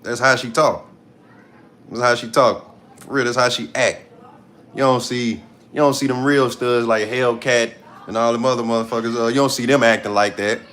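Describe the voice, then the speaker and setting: Man in his late 30s, AAVE speaker, mid-pitched voice, blunt and profane, repeats points for emphasis. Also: steady tone, moderate pace, a bit bright, slight background noise. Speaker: live streamer. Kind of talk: casual livestream rant.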